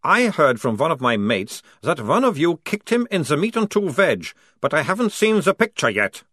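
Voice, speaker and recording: Male reader playing a smug soldier, loud and sarcastic, lively drawl, dry close sound. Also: on the high side, moderate pace, dry recording, pitched above the performer's own voice. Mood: mocking. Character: cocky, relaxed enemy sergeant, bound prisoner.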